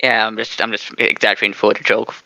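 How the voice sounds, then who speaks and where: Bright, stammering young-sounding man. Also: lowish voice, level tone, fast talker, creaky, dry recording. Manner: hesitant, full of restarts. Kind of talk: casual comedic chat.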